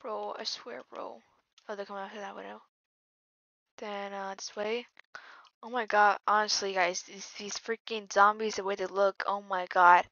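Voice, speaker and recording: A woman's voice: medium pitch, little pitch movement, normal speed, no echo, muffled recording. Jittery, slangy woman gamer. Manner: jittery, swings from mumbling to sudden yelling; slangy, keeps saying "bro" and "freaking". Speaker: gaming channel host. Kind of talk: casual gameplay commentary.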